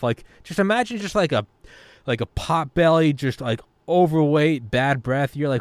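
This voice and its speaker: A man's voice: mid-range voice, moderate pace, no echo. A young adult man hosting a podcast, chatting casually and animatedly, swearing freely and acting out bits of dialogue. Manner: animated, swears freely, acts out silly voices in quotes. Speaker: podcast host.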